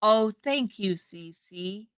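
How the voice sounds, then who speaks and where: A woman's voice: mid-range voice, lively intonation, very slow, fairly bright tone, smooth, no echo. A woman hosting a live stream, chatting casually and greeting her viewers by name as she answers their comments. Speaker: livestream host. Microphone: streaming setup microphone.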